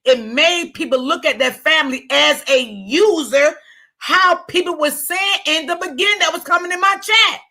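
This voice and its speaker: A woman hosts a casual live commentary stream. Her voice sits high and sounds bright and sharp. She gives her opinions bluntly and answers her chat as she goes. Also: normal speed. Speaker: commentary livestream host.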